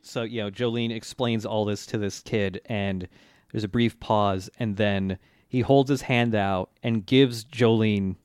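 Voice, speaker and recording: A man's voice: lowish voice, steady tone, measured pace, a little mellow, smooth, dry recording, studio quality. A man co-hosting a podcast, casually recapping an anime and meandering as he searches for words. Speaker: podcast co-host.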